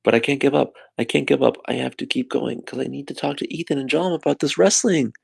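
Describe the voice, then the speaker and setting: A young man rambles alone on a podcast, sleepy and repetitive. His voice has a gravelly fry, sitting at an ordinary mid pitch for a man. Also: fast talker. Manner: sleepy, repetitive self-talk. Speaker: podcast co-host. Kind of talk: rambling solo monologue.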